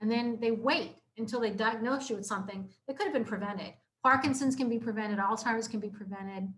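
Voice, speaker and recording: A young adult woman speaks to a room of listeners about health. Her voice sits a touch on the high side, and she talks in a casual, earnest way, circling back, repeating points and leaning on fillers. It sounds like a live community talk, not a script. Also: a little fast, a bit bright. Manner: casual, earnest, repeats herself with many fillers like "like" and "you know". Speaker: chiropractor giving a health talk. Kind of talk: informal health talk to an audience.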